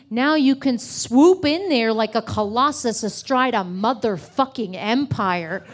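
A woman with a high voice performing a comic monologue. She tells it in an animated, mocking way. Her delivery is lively and playful. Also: measured pace, hardly any pauses. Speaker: comedian.

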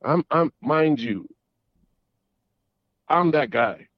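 A man's voice: a little high, expressive, drawn-out words, husky, no room sound. Rambling man on lo-fi audio. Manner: rambling, with many restarts and repeated words. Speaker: caller. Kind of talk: casual storytelling. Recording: dull lo-fi audio.

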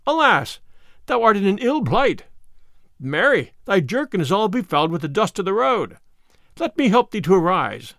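A man's voice: sits high, sing-song, normal speed, gravelly, a bit bright, no echo, studio quality, heavily acted. A man voicing a sly, joking, burly male outlaw in a storybook reading, speaking in a teasing, mock-sober way.

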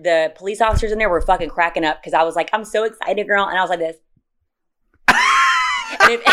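A woman with a slightly low voice, chatting casually as a podcast co-host. She tells stories in a loud, animated, profane way and breaks into shrieking laughter. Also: a little hiss or hum. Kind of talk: casual chat.

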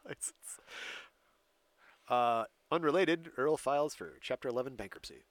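A man's voice: medium pitch, animated, normal speed, no room sound. A man co-hosting a casual talk show, recounting a story date by date and laughing often. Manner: laughs often while recounting dates and events. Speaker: podcast co-host telling a story. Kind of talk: casual chat.

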